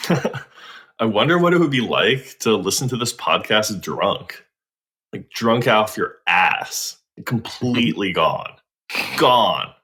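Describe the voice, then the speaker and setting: Bright, slangy male podcast co-host. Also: on the low side, sing-song, slow. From United States. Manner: slangy and laid-back. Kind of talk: casual comedic chat.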